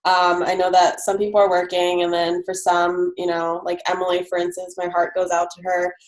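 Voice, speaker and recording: A woman's voice: on the low side, completely flat delivery, moderate pace. A woman leads a team video call, chatting her way through announcements with easy fillers and restarts. Her voice carries a roomy echo from the space she sits in. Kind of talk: casual online team call.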